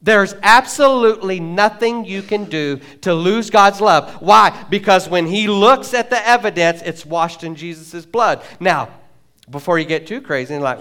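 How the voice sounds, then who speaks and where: A man preaching a sermon in a church, animated and jokey, acting out quotes. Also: high voice, a little slow, smooth. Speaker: pastor. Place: church sanctuary.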